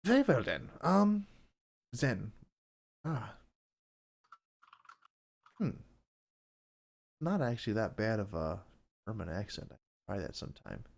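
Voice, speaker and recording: A man's voice: lowish voice, sing-song, takes it slowly, gravelly, long pauses, a little mellow. A man hosting a casual podcast, who rambles with dry, self-deprecating humor and lots of fillers. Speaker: podcast host.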